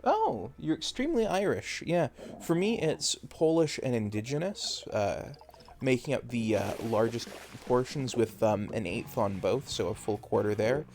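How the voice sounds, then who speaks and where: A man's voice: mid-range voice, measured pace, hardly any pauses, a little mellow, a little hiss or hum. A Canadian man chatting casually on a live game stream, rambling and hesitant with many fillers.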